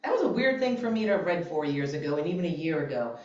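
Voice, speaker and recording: Woman guest speaker, lively talk to a congregation, low-ish voice, distant and muffled in a roomy church. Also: very fast. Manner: animated, laughs often, conversational. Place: church sanctuary. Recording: very echoey, distant, dull church recording.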